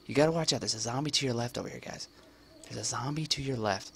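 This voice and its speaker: A man talks over his game in a loose, profane ramble, often sinking to a hushed near whisper. His voice is bright and forward, with faint crickets and outdoor ambience from the game behind him. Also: medium pitch, lively intonation, brisk, pauses often, slight background noise. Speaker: gamer. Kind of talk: gameplay commentary.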